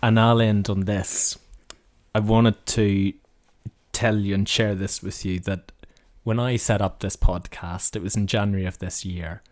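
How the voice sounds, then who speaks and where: A man hosting a podcast, asking questions and speaking earnestly in a measured way. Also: lowish voice, fairly even intonation. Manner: earnest, measured, sparse backchannel listener. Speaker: podcast host. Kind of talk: conversational interview.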